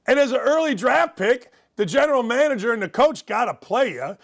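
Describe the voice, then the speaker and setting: A man's voice: extremely high pitch, animated, a little fast, vocal fry, few pauses, fairly bright tone. A man hosting a sports talk show, ranting in a sarcastic, mocking way about sports and politics. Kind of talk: opinionated sports and politics rant.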